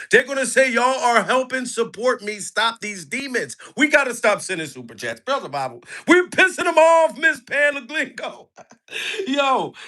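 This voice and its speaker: A man doing crude, animated commentary on a live stream, hyping up his chat. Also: very high-pitched.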